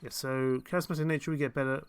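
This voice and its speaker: Clean-toned and steady, this young streamer's medium-pitched voice moves at a quick pace during his casual live gameplay commentary. He tends to ramble and mock himself, chuckling often along the way.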